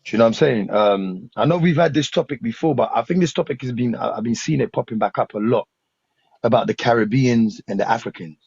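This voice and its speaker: A man's voice: medium pitch, quick pace, vocal fry, a little mellow, breathy edge, no echo. A man hosting a casual podcast debate, rambling and repeating phrases, often asking "you know what I'm saying", in a dull lo-fi recording. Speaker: podcast host.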